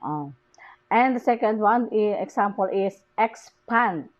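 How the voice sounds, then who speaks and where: A woman's voice: mid-range voice, slow. A young woman giving a class presentation, hesitant, with many fillers and restarts. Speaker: student presenting a lesson. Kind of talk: classroom presentation on word stress. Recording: dull lo-fi recording.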